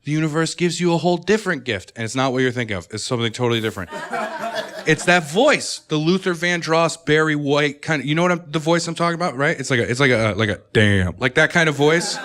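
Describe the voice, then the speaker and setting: A male comedian doing a stand-up routine on a club stage, self-mocking, often jumping into high, excited outbursts.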